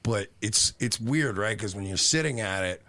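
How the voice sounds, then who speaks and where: A man co-hosting a podcast, chatting casually in a deadpan, rambling way. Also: fairly low pitch, normal speed, dry recording. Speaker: podcast co-host. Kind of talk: casual chat.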